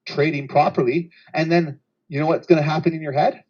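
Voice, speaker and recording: A man hosting a trading livestream, telling a story in a casual, animated way and acting out a trader's inner voice. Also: a little high, fairly quick, muffled recording.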